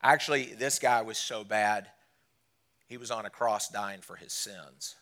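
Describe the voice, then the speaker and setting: Emphatic male preacher, loud then hushed. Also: a little slow. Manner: swings from loud emphatic lines to quiet low drops; asks the congregation direct questions. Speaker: guest preacher. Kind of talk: sermon. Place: church service.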